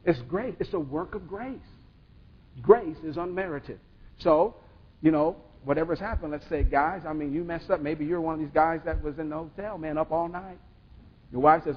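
A man's voice: fairly high pitch, normal speed, breathy edge. A man preaching a sermon in a call-and-response way, building to emphatic bursts. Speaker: pastor. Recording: dull sound with long hall reverb.

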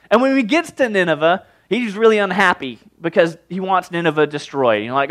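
A pastor giving a casual, animated sermon, reading scripture and adding asides. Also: male voice, sits high, a little fast.

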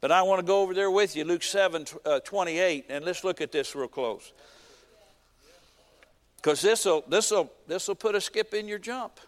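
Folksy preacher guy, highish voice, big echoey church hall, keeps repeating stuff for punch. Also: moderate pace. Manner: folksy, emphatic preaching with repetition and humor. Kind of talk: sermon.

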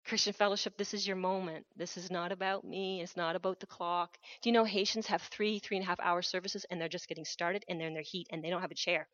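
A woman's voice: fairly low pitch, steady tone, fast talker, hardly any pauses, a bit bright, dry recording, dull audio. A woman missionary preaching a sermon in a church, making an urgent, earnest appeal with repeated phrases. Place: church hall.

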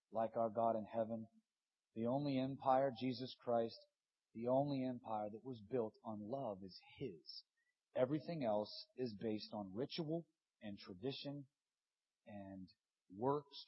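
A man in his thirties preaching a sermon, impassioned, swinging between loud urging and hushed, earnest stretches. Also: medium pitch, slightly rough, highs cut off. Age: 30s.

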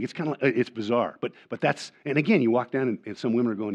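A man's voice: medium pitch, fast, few pauses. Older male pastor, earnest sermon. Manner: earnest preaching with frequent repeated words and restarts; swings between loud emphatic lines and quiet asides. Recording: dull lo-fi sermon recording.

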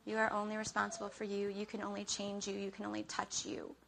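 A woman's voice: mid-range voice, completely flat delivery, fast, gravelly, background noise. A woman giving a conversational Bible teaching into a handheld mic. She keeps checking in with "okay?" and acts out everyday scenes. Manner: chatty, checks in with "okay?" often.

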